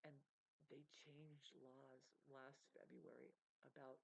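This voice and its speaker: A woman's voice: extremely low pitch, level tone, slow, gravelly, rough recording. A woman giving an unscripted, rambling rant to camera, emphatic and full of swearing and digressions. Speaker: vlogger.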